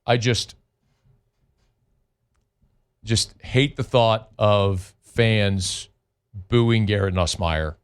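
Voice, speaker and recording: A man's voice: lowish voice, slow pace, clean tone. A middle-aged man hosting sports talk radio in a blunt, conversational monologue, stretching words for emphasis into a studio mic. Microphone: studio microphone.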